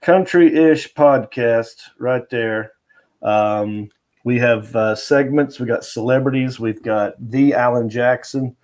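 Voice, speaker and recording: A man's voice: medium pitch, slow pace, darkish tone. A comedian guest telling a story in a casual chat, laughing often as he goes.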